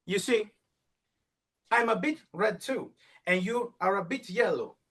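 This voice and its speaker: A man with an Italian accent voicing Yellow, a cheeky, impertinent male color, in a storybook tale. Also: sits high, expressive, unhurried, pitched above the performer's own voice, full character voice. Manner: teasing.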